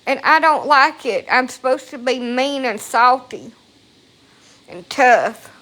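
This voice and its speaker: A woman's voice: high-pitched, animated, slow, pushed and bright. A woman talking casually into a phone at home, rambling and emotional, with frequent swearing. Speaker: vlogger. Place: at home, indoors.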